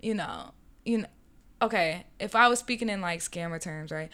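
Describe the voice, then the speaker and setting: A woman's voice: on the low side, moderate pace, pushed and bright. A young woman telling a dating story in casual chat, talkative and full of fillers. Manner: chatty, storytelling, frequent "like" fillers.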